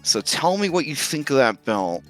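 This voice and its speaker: Animated man running a tabletop game. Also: medium pitch, moderate pace, soft background music. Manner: animated, laughing often. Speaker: game master.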